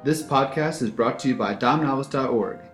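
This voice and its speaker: A man's voice: mid-range voice, brisk. A man reads the closing credits of a podcast in a plain, informative manner. His voice sounds roomy, and faint music plays underneath. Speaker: announcer.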